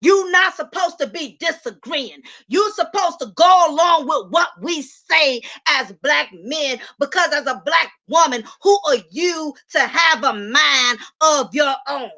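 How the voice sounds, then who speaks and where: An indignant man scolds and mocks, as a woman puts him on, pitched high and bright, sometimes shouting, always repeating his accusations. He lectures slowly and lets each point land. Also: expressive, full character voice. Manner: accusing, mocking, repetitive.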